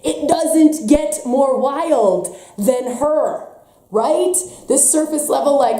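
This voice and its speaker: A woman's voice: sits high, slow pace, mellow, roomy sound. A woman teaching a spiritual workshop, talking intensely and emphatically with a stuffy nose, sometimes mocking others in put-on voices. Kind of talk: impassioned teaching talk.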